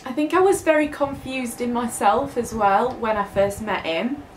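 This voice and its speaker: A woman's voice: a little high, moderate pace, roomy sound, a little hiss or hum. A young woman talking openly and a little hesitantly in a casual confessional vlog. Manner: open, emotional, hesitant. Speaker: vlogger.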